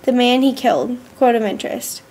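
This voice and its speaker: A woman, a student, reading her school journal aloud in an earnest, measured way with slow pauses. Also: fairly high pitch, a little mellow, husky.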